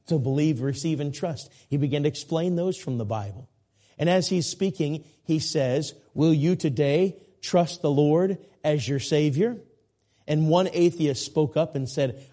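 A man preaching a sermon in church, telling a story slowly and with emphasis before a fervent altar call. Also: mid-range voice, mellow. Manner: slow, emphatic storytelling, rising to fervent appeals. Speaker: pastor. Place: church sanctuary.

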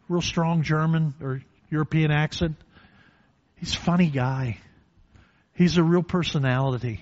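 An older man delivers a sermon in a church, with a voice that sits a little high for a man. He tells a quiet personal story, then builds to loud preaching with long, stretched-out phrases. The recording is dull and lo-fi. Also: measured pace, pauses often. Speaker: pastor.

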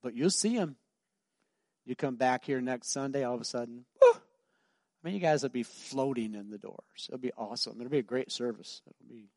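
A man's voice: medium pitch, moderate pace, a little mellow, dry recording. A middle-aged man pastor preaching a sermon, emphatic and repetitive, telling stories in a conversational way.

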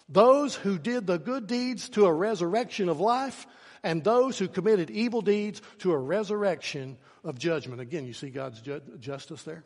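A man preaching a sermon as pastor, swinging from hushed, slow phrases to shouting for emphasis. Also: high voice, animated. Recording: long hall reverb.

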